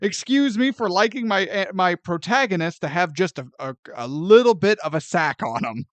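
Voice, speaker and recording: A man with a high, lively voice, co-hosting a casual film review chat. He laughs a lot and throws himself into the story, and his voice is recorded dry and close. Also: moderate pace, dry recording. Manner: animated, laughing often, acting out characters' lines. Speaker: podcast co-host.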